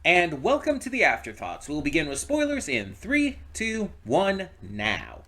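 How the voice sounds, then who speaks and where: A man hosting a movie reaction channel, talking casually to camera in a rambling, low-key way with lots of restarts. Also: huge pitch swings, measured pace, pushed and bright. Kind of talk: casual direct-to-camera chat.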